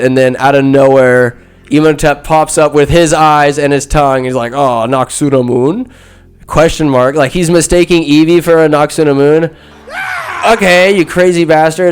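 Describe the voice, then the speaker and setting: Smooth-voiced man joking through a movie recap. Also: a little high. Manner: rambling, profane, jokey asides. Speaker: podcast host. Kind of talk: casual comedic movie recap.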